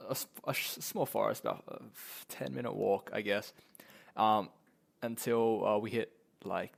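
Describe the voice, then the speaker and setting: Young male vlogger, lowish gravelly voice, rambling and swearing through a story. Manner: rambling, profane, many fillers. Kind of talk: casual storytelling.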